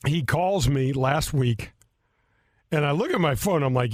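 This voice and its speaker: A man hosting a radio golf show from a studio, telling stories in a casual, animated way, laughing often and acting out what others said. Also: mid-range voice, normal speed, no echo. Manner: animated storyteller, laughs often, acts out quotes.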